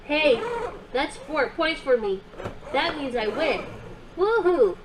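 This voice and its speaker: A woman's voice: high-pitched, animated, takes it slowly, background noise. A woman voicing a cheerful small companion robot that plays games and guides affirmations with children, in an upbeat, encouraging way. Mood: triumphant.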